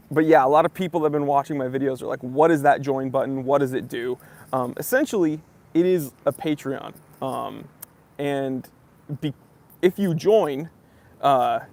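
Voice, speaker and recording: A man's voice: a little high, a little mellow. A young man from New Hampshire hosting a casual live stream, chatting with viewers and greeting them by name. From southern New Hampshire.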